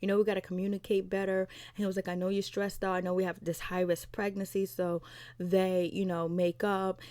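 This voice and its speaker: A woman's voice: mid-range voice, flat delivery, a little fast, darkish tone, dry recording. A woman vlogger casually retelling a TV episode, acting out quotes from the cast and laughing as she goes. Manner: chatty, retells scenes with quoted voices, laughs. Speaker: TV recap vlogger.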